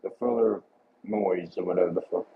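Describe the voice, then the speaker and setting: Man, low gravelly voice, dull lo-fi mic, faint background hum. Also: moderate pace. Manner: swearing, joking, laid-back. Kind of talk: casual chat.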